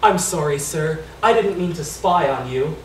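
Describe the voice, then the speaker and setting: A greedy, excitable little boy, as a man puts him on pipes up in a shrill, shouting voice. The storyteller's mic sits well back in an echoing room with a faint hiss under it. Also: moderate pace, close to an everyday voice. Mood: sheepish. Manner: high, excited and whiny. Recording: echoey room, distant mic, faint noise.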